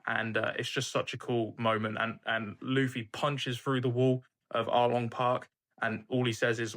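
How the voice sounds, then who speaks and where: A man's voice: medium pitch, flat delivery, normal speed, a bit bright. A young man hosting an anime reaction channel, recapping an episode in an earnest, emphatic casual way, swearing freely.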